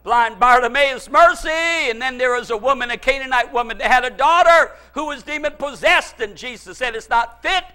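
A man preaching a fervent sermon as pastor, often shouting and crying out with strong feeling. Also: very high-pitched, normal speed, few pauses, smooth.

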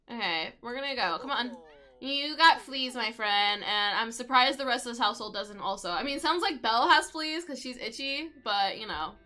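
This young woman makes gaming videos, giving chatty, relaxed commentary over a life-simulation game and frequently addressing the pets. She speaks at a moderate pace in a slightly high, expressive voice with a sharp edge.

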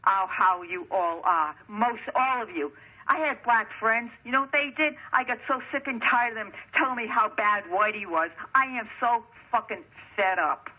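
A woman's voice: a little high, moderate pace. A middle-aged woman leaving a bitter, profane, repetitive voicemail rant. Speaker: voicemail caller. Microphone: telephone. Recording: tinny phone voicemail line.

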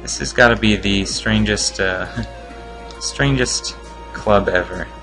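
A man's voice: on the low side, takes it slowly, music in the background. A man casually commenting on a video game walkthrough, making wry, joking asides as he plays. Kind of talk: casual let's-play commentary.

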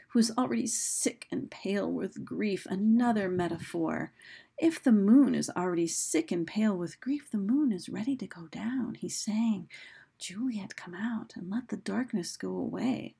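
A woman's voice: medium pitch, expressive, moderate pace, gravelly, mellow, slightly rough. A woman teacher giving a recorded lesson, explaining casually with fillers and restarts, and reading quoted lines with dramatic emphasis.

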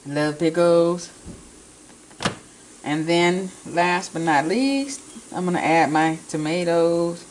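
A woman's voice: fairly low pitch, takes it slowly, pauses often, a little mellow, slight background noise, rough recording. A woman vlogger chatting casually as she assembles a burger in her home kitchen, talking in a homey way. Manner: homey, chatty, talks with mouth full. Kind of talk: casual cooking demonstration.

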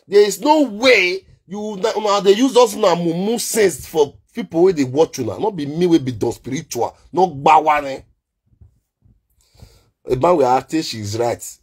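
A man with a Nigerian Pidgin accent ranting in an animated vlog, swinging between shouting and muttering. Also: a little high, breathy edge. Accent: Nigerian Pidgin English. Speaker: online content creator.

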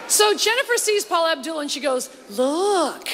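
A woman performing stand-up in a large theater, her high voice carrying a gravelly edge. She tells gossipy stories with relish and slips into mocking impressions. The live recording has a long hall echo and a loud crowd behind her. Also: lively intonation, fast, heavy background noise. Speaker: stand-up comedian. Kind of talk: stand-up comedy set. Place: large theater stage before a live audience.

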